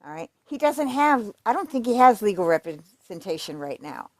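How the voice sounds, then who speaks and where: A woman's voice: mid-range voice, big pitch swings, normal speed, no room sound, studio quality. Woman reading letters in casual commentary. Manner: conversational, fillers and restarts, emphatic asides. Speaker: true crime commentator.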